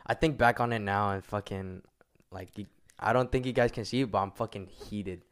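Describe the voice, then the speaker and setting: A young man in casual podcast chat, slangy and rambling, often dropping to a low mutter. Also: steady tone, normal speed, clear, resonant tone.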